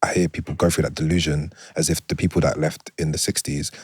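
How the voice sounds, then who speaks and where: A man with a very deep, husky voice hosts the conversation. He thinks aloud, searching for words, and gets animated when he makes a point. His voice sounds dry and close to the mic. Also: quick pace, dry recording. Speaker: podcast host. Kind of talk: casual conversation.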